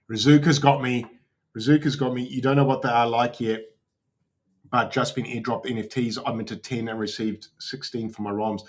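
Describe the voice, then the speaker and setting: A man hosting a casual crypto livestream, swearing freely and talking to his chat as he browses. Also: medium pitch.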